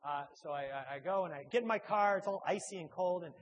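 A man, a church speaker and author, telling a humorous personal anecdote in a halting, self-deprecating way. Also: high-pitched, lo-fi sound.

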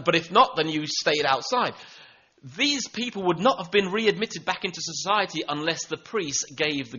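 Preacher, male, high bright voice, earnest, stumbling restarts, dull lo-fi recording. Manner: earnest, repeats words when restarting. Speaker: pastor. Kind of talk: sermon.

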